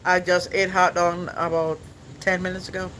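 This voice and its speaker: A man's voice: high voice, monotone, normal speed, sharp tone, a little hiss or hum, rough recording. A young man hosting a podcast, chatting casually with his viewers in a rambling, playful way and laughing often. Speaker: podcast host.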